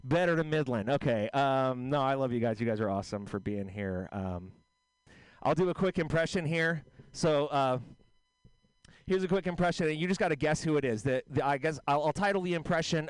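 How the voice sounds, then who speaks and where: A man's voice: mid-range voice, animated, normal speed, clear, resonant tone, no echo, low-quality recording. A man doing stand-up at a radio open mic, loose, self-mocking and chatty with the crowd. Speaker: stand-up comedian.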